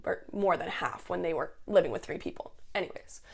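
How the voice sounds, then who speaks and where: A woman's voice: lowish voice, a little fast, vocal fry, slightly rough. A young woman in her twenties, casually telling a heated story, swearing often and acting out what people said. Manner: swears a lot, heated and animated, quotes people as she tells it. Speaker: podcast host.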